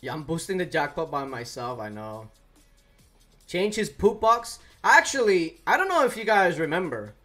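Brief: male game streamer, casual and lively, swings his pitch a lot, faint music underneath. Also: normal speed. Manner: animated, talks to chat and coos to his cat. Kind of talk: casual live-stream chat.

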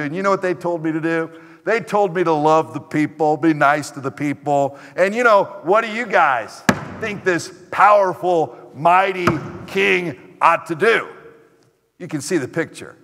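A male pastor preaching a sermon, animated and emphatic, repeating his exhortations. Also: on the high side, moderate pace. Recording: echoey hall.

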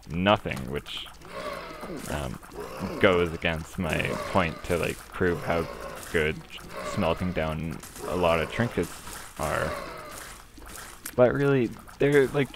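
Young male gamer, low gravelly voice, unhurried, swears freely, noisy home recording. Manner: rambling, swears a lot, filler-heavy. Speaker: gaming commentator. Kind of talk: casual gameplay commentary.

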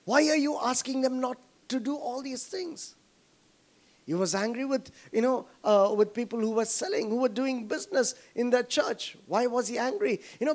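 A pastor with a Tamil-flavoured Indian accent delivers a sermon in a notably high voice for a man. He keeps turning to the congregation with questions, coaxing agreement as he preaches. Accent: Indian English, Tamil.

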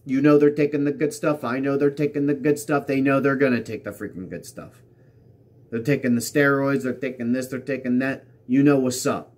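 A man's voice: medium pitch, steady tone, fairly quick. A man hosting a political commentary show, reading out tweets and mocking them sarcastically, repeating lines for emphasis.

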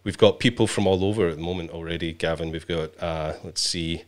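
A man's voice: low voice, steady tone, brisk. A man hosting a live stream, chatting playfully with his guest and greeting viewers. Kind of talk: bantering live stream chat.

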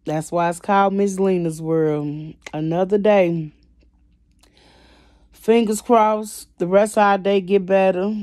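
Emotional woman vlogger who vents straight to camera; mid-pitched and dry, with sudden swings between hushed and loud. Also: fairly even intonation, slow, dry recording. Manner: emotional, repeats "y'all" constantly. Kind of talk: venting to camera.

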